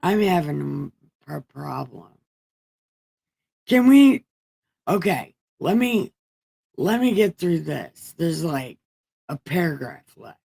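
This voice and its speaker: A woman's voice: low-pitched, sing-song, slow pace, gravelly, long pauses, mellow, slightly rough, dry recording. A woman hosting a livestream, reading scripture aloud in an irreverent, casual way and breaking off for profane, wisecracking asides. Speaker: livestream host. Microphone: home streaming setup.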